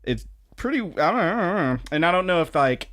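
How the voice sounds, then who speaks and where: A man's voice: fairly high pitch, very animated, a little fast, fairly bright tone. A man co-hosting a podcast, recapping anime episodes in a rambling, profane casual chat full of fillers and restarts. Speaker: podcast co-host.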